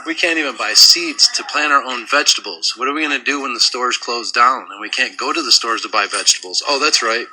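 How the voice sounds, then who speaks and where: A man's voice: medium pitch, a little fast, hardly any pauses, sharp tone, slight background noise, low-quality recording. A man filming himself inside a store on a phone, ranting furiously and sarcastically, swearing often. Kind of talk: angry ranting phone video.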